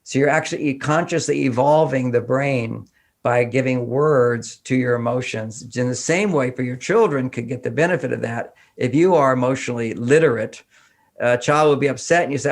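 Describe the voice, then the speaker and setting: A man's voice: mid-range voice, moderate pace. A man from Houston, Texas, talking animatedly as a podcast guest and acting out bits of dialogue as he goes. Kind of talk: conversational interview.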